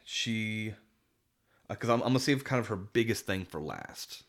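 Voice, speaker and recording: Deep-voiced man chatting enthusiastically. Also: animated, normal speed. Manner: rambling, enthusiastic, many restarts and fillers. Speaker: podcast co-host. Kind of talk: casual chat.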